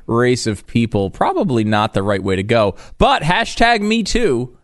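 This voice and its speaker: A man's voice: mid-range voice, wildly swooping pitch, moderate pace, no echo. A man co-hosting a casual comedic news chat, throwing in dry, sarcastic quips. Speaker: podcast co-host.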